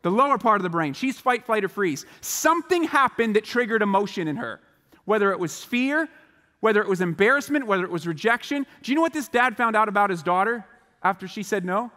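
A man giving a motivational chapel talk to students, animated and acting out the voices of the people in his stories. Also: high-pitched, fairly quick, big-room sound. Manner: animated, acts out quoted voices. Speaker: chapel speaker. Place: large school chapel hall.

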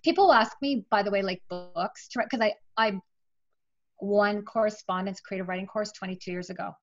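A middle-aged woman talks about her writing in an animated, chatty way, full of asides and quoted dialogue. She sits in the middle of the usual pitch range for a woman. The audio sounds dull and lo-fi. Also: moderate pace, faint music behind. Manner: chatty, animated, emotional at times. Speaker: author guest. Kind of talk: casual interview storytelling.

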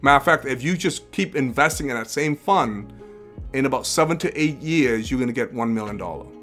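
Animated and brisk, a man with a slightly bright mid-range voice runs an investing livestream over faint background music. He wanders through his thoughts, restarting, repeating phrases, and asking rhetorical questions.

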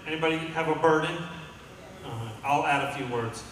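A man's voice: a little high, steady tone, a little fast, fairly bright tone, a little hiss or hum. A man preaching a sermon as pastor, calling out to the congregation and building to emphatic peaks. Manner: call-and-response, rising to emphatic peaks. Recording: echoey hall from far off.

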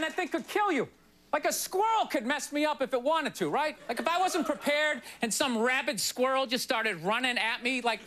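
A man doing a stand-up comedy set on a television studio stage, ranting in an exasperated, rambling way with lots of "you know" asides. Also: very high voice. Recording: broadcast stand-up with loud audience laughter and noise.

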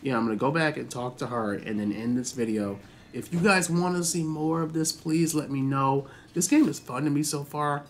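A young man casually commenting on his own gameplay, chatty and excitable, swearing freely and reacting loudly to what happens on screen. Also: fairly high pitch, normal speed, a little hiss or hum. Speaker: gaming channel host.

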